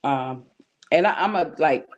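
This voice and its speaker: A woman's voice: low voice, expressive, unhurried, dull audio. Woman giving an emotional testimony. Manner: earnest, emotional storytelling with many fillers. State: near tears. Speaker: guest. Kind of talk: personal testimony in a talk show.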